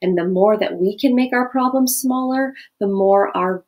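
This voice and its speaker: A woman teaching a lesson to children and families in a gentle, questioning way. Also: mid-range voice, moderate pace. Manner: gentle, questioning, animated demonstrations.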